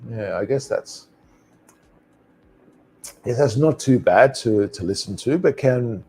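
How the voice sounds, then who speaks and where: A man teaching English alone in a live online lesson, repeating phrases slowly for pronunciation practice. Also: medium pitch, lively intonation, mellow, a little hiss or hum.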